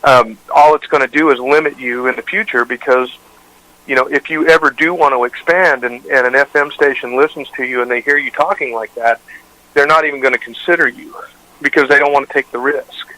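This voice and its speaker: Man, radio host, rambling storyteller, bright forceful tone, casual interview. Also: medium pitch, steady tone, a little fast, low-quality recording. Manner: rambling anecdotes with frequent restarts and fillers. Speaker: radio show host, guest.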